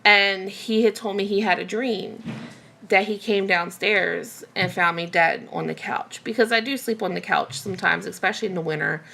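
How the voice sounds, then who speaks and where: A woman's voice: mid-range voice, moderate pace, vocal fry, pushed and bright. A woman vlogger in a candid personal rant to camera, venting emotionally with many fillers and restarts.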